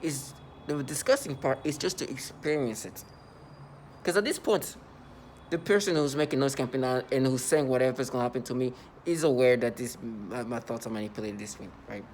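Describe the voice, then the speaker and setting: A man's voice: mid-range voice, a little fast, a little mellow, a little hiss or hum. Rambling, agitated man talking to camera. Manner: rambling and repetitive, with many fillers and restarts; earnest and agitated. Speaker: vlogger. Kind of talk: unscripted monologue to camera.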